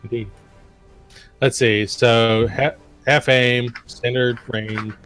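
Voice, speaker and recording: A man's voice: medium pitch, little pitch movement, takes it slowly, a bit bright, faint music behind. A man playing a tabletop game, chatty and hesitant, often asking how the rules work. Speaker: player. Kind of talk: casual tabletop play.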